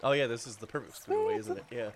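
Joking man with a wildly varied pitch. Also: wildly swooping pitch, very fast, crowd noise. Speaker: player. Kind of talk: casual tabletop play.

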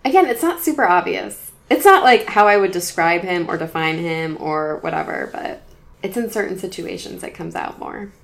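A woman from Arizona and the American South co-hosting a casual podcast chat, laughing often in a relaxed, joking way. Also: on the low side, normal speed, vocal fry. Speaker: podcast co-host.

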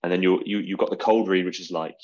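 A British man talks fast and rambles cheerfully, laughing at his own examples. His voice is a little husky and lowish. The recording sounds dull and lo-fi. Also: fairly even intonation. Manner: rambling, self-mocking, quick. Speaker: podcast host. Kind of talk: casual chat about magic.

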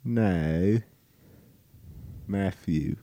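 A man playing a self-important judge who speaks softly and haltingly, a little lower than his own voice. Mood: solemn. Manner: soft, halting and low. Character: slow, mumbling, self-important male judge.

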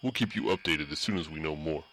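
Brief: man doing a deep-voiced, clipped commander in an audiobook. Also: quick pace, fairly bright tone, a little hiss or hum. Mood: commanding. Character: stern male military commander, authoritative.

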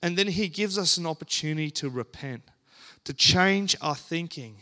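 A man preaching a sermon and reading scripture aloud, earnest and deliberate, with dramatic pauses and emphatic rises. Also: on the high side, bright, forceful tone.

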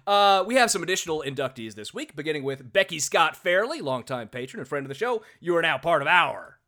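Male podcast host, bright forceful tone, rambling friendly chatter with fillers. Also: on the high side, very animated, fairly quick. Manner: chatty, self-deprecating, lots of filler words. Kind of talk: casual podcast chat.

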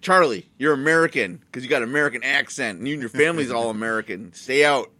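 A man's voice: mid-range voice, quick pace, pushed and bright, no room sound. A man co-hosting a casual movie-review chat, joking crudely and often slipping into silly put-on voices. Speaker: podcast co-host.

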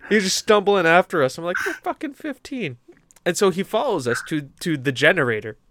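A young man co-hosting a gaming podcast, telling stories in a casual, animated, rambling way with many restarts. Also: fairly high pitch, fast, a little hiss or hum. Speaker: podcast co-host. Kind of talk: casual storytelling chat.

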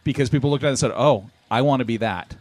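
A man's voice: medium pitch, fast, a little mellow, no echo. A man ranting in casual podcast chat, profane and sarcastic. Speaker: podcast panelist.

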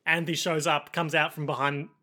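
A man's voice: on the high side, little pitch movement, moderate pace, bright, forceful tone. A young man co-hosting a podcast, recapping an episode in a dry, wry, matter-of-fact way. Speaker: podcast co-host, editor.

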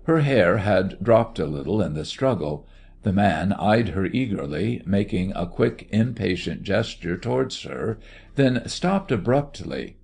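Gravelly low-voiced male storyteller. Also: slight background noise. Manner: measured, expressive storytelling. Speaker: audiobook narrator. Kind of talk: scripted story narration.

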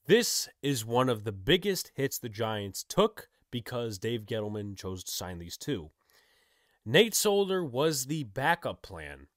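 An opinionated man talks through his team's moves in a casual monologue, his pitch swinging widely as he gets exasperated. The sound is dry and close, with no room around him. He leans on rhetorical questions and blunt verdicts. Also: a bit bright, no echo. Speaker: sports commentator. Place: indoors, on camera.

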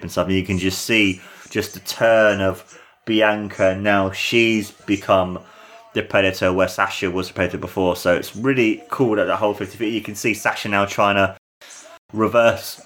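A young man with a fairly low voice gushes through a wrestling match he is watching along with his viewers. He talks in an excited, rambling commentary, piling on praise and loose fillers. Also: moderate pace. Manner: gushing, enthusiastic, full of fillers.

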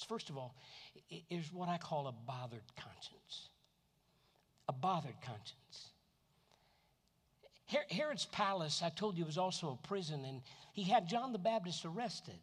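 A man from Florida preaching a sermon, animated, who often repeats words and acts out voices. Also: a little high, husky. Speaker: pastor. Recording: long reverb of a hall.

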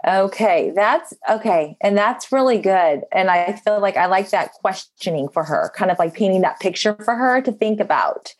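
Mom talking through her worries with a coach, mid pitch, open and self-reflective. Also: animated, normal speed, few pauses. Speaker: coaching client and mother. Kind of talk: coaching session.

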